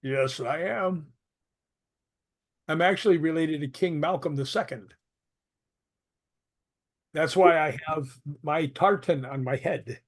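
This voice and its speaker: A chatty man, a guest on an interview show, spinning anecdotes in a loose, conversational way. His voice sits a little above the usual pitch for a man, and he breaks into laughter often. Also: slow pace, long pauses. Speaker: paranormal investigator guest. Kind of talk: casual interview storytelling.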